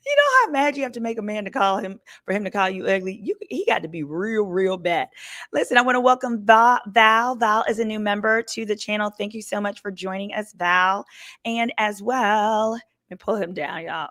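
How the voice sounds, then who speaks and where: A woman's voice: medium pitch, animated, normal speed, a bit bright. Chatty lady lawyer hosting a livestream. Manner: chatty, addresses viewers as y'all. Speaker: attorney and show host. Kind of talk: casual legal commentary livestream. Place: hotel room.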